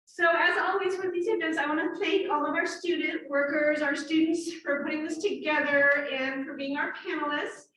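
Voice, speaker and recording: A woman's voice: high voice, fairly even intonation, moderate pace, hardly any pauses, bright, forceful tone. A woman opening a college event, thanking students and staff. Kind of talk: welcome remarks. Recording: very echoey hall from far off.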